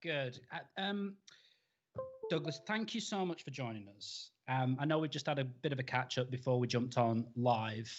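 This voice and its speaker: A man's voice: medium pitch, moderate pace, soft background music. A man hosting a live-stream interview, upbeat and casual with many um fillers. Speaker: show host. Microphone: video call. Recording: slightly dull live-stream audio.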